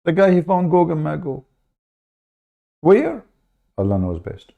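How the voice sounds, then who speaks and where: Gravelly, mocking man. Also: fairly high pitch, very animated, a little slow, phone-quality sound. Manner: mocking, sarcastic. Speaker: host. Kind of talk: comedic commentary and phone skit.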